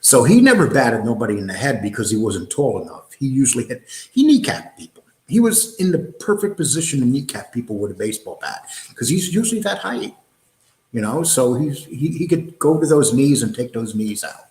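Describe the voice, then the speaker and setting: A man's voice: medium pitch, sing-song, fairly quick, a little mellow. Blunt rambling man in an echoey room. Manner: rambling, blunt street talk with fillers. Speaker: host reading viewer comments. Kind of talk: casual livestream chat.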